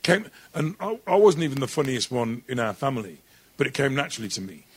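Husky-voiced middle-aged English man, animated storyteller, dry close sound. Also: mid-range voice, fast, dry recording. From England. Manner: animated, slips into voices and laughs while telling stories. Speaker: impressionist guest. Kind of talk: interview storytelling.

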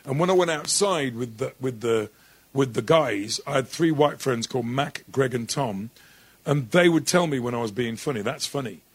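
A middle-aged man from England, an impressionist, telling animated stories in an interview and slipping into voices. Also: mid-range voice, normal speed, husky, dry recording. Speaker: impressionist guest. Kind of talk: interview storytelling.

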